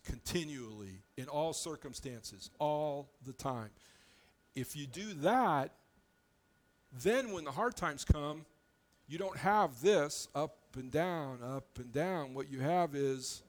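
A man preaching a sermon as pastor, in a conversational, plain-spoken way, often restarting his phrases as he explains. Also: medium pitch.

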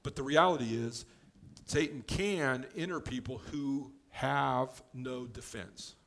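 A man of ordinary pitch walks his listeners through scripture in an easy, conversational teaching voice. He explains each verse plainly and drops in the odd offhand joke. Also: takes it slowly, vocal fry. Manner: relaxed and explanatory, with offhand joking asides. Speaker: Bible teacher.

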